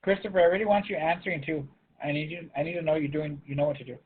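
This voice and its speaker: A man's voice: a little high, steady tone, very fast, breathy edge. Man teaching coaxing teacher on tinny call. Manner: coaxing, calls students by name. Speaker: math teacher. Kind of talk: online class lecture. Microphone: video call. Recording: tinny phone-like line.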